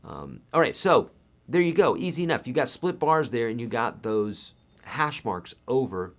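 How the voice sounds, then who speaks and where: A man's voice: medium pitch, big pitch swings, moderate pace. Tired, chatty male guitar teacher. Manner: casual, chatty, counts beats aloud and sings snippets. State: tired, voice worn. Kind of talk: live online guitar lesson.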